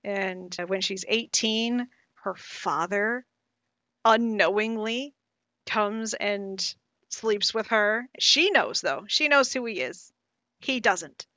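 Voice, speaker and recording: A woman co-hosting a casual podcast, animated and emphatic, talking with strong conviction. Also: mid-range voice, slow, no room sound. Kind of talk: casual discussion.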